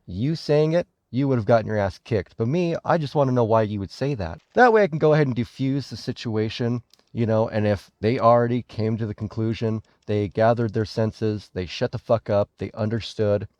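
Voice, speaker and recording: A man's voice: lowish voice, moderate pace, darkish tone, no echo. A man giving a rambling, profane, indignant commentary on a video. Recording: dull lo-fi recording.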